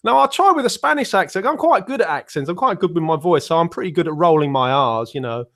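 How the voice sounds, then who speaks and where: A man's voice: fairly high pitch, expressive, quick pace, fairly bright tone. A man, chatting casually on a panel call and rambling with lots of fillers. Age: 40s. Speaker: panel guest. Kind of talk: casual chat.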